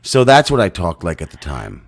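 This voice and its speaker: A man co-hosting a podcast, telling crude, rambling stories in a deadpan way. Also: low-pitched, moderate pace. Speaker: podcast co-host. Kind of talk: crude comedic banter.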